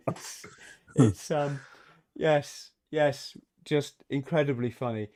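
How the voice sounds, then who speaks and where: A man hosts a relaxed podcast chat at an everyday middle pitch. He talks loosely, often laughing as he retells funny scenes. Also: slow pace. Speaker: podcast host. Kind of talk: casual chat.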